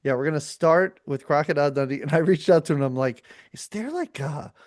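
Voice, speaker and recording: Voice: mid-range voice, quick pace, darkish tone, no room sound, studio quality. A podcast host talking in a casual, rambling way, full of fillers and restarts. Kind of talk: casual chat.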